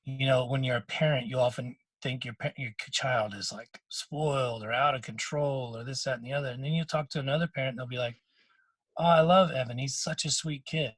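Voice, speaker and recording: A middle-aged man talks on a podcast with a husky, slightly breathy voice at an ordinary pitch. He tells a heartfelt story in loose, restarting sentences and slips briefly into other people's words. The sound is close and dry, with no room around it. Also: fairly even intonation, brisk, dry recording. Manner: emotional storytelling with many restarts; quotes others in short bursts. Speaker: podcast co-host. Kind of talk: casual podcast chat.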